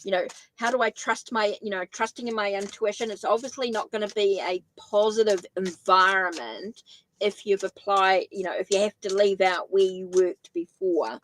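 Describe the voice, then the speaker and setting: A woman's voice: mid-range voice, normal speed, fairly bright tone, a little hiss or hum, rough recording. A woman with a New Zealand accent giving a live-stream tarot reading, thinking aloud and correcting herself as she goes. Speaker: tarot reader.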